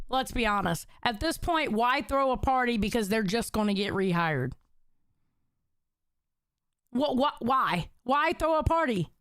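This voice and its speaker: A woman's voice: high-pitched, fairly bright tone, clean tone, dry recording. A woman in her forties hosting a livestream, talking bluntly and with lots of swearing as she reads the chat. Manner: blunt, profane, emphatic. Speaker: show host reading chat.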